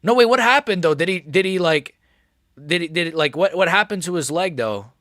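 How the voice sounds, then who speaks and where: A young man calls a fight live for his stream, fretting in low mutters one moment and yelling the next. His voice sits a bit high, with a bright, forceful edge. The sound is close and dry. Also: fairly quick, dry recording. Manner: excitable, swings from nervous mumbling to shouting. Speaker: livestream fight watch-along host. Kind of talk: live reaction commentary.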